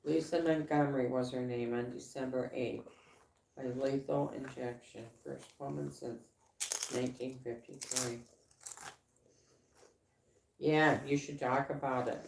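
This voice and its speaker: A woman co-hosting a casual livestream chat, rambling with halting restarts and fillers. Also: a bass voice, fairly even intonation, gravelly, darkish tone, slight background noise. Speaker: livestream co-host. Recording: echoey room.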